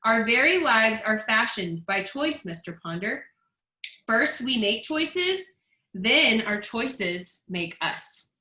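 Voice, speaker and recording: A patient, wise young teenage girl speaks calmly and measuredly, as a woman reads her lines aloud. The voice is bright. There is a clear room echo. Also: mid-range voice, normal speed, close to an everyday voice. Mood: calm earnest. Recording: echoey room.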